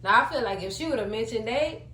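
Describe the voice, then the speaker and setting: A woman's voice: on the high side, animated, quick pace, bright, forceful tone. A woman, chatting casually as she recaps a TV episode and acts out the characters' lines. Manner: chatty, dramatic, acts out quotes. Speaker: TV recap vlogger. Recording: echoey room, faint hum.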